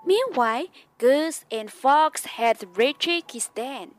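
A woman reading a children's picture book aloud as a mother with her child, in slow, expressive storytelling. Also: sits high, no room sound. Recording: faint music behind.

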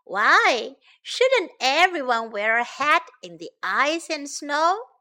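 A woman's voice: high-pitched, very animated, slow, bright, forceful tone, exaggerated voice. Woman doing a proud little hedgehog. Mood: indignant. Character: small stubborn male hedgehog, proud of his hat.

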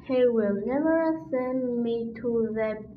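Slow, halting woman reading a storybook. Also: fairly high pitch. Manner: halting, careful reading with stumbles. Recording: echoey, tinny phone-like sound with faint noise.

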